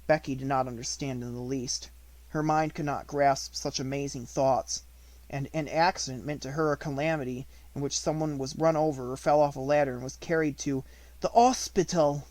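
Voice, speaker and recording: A man reading a classic novel aloud as an audiobook, with measured, expressive storytelling. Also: medium pitch, no echo. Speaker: audiobook reader.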